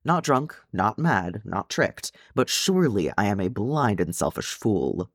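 A man's voice: on the low side, very animated, a little slow, dry recording, studio quality, exaggerated voice. A man reading aloud and voicing a rash, hot-tempered young male dwarf who talks in agitated bursts. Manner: agitated, loud.

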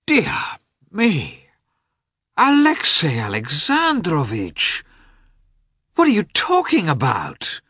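A man voicing an effusive, kindly aristocratic gentleman who exclaims and pleads in a high voice. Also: wildly swooping pitch, measured pace, slightly rough, dry recording, clean studio sound, heavily acted. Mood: dismayed.

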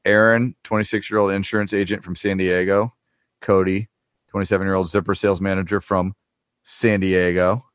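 A man with a fairly deep voice talks through a TV episode in a relaxed podcast chat. He often stops on ums and uhs as he gathers his thoughts. The recording is dry and close, with no room sound. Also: no echo. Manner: halting, with frequent ums and uhs. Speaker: podcast co-host. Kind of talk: casual chat, recapping a TV show.

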